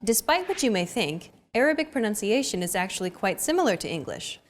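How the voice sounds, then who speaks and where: A woman's voice: medium pitch, very animated, brisk. A woman hosting a language lesson, giving scripted, encouraging explanations in an upbeat way.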